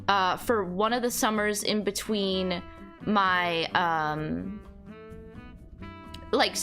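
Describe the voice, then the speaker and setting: A woman's voice: medium pitch, sharp tone. A young woman streaming, chatting casually with her viewers, rambling with lots of fillers and laughing as she goes. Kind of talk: casual chat reading chat aloud.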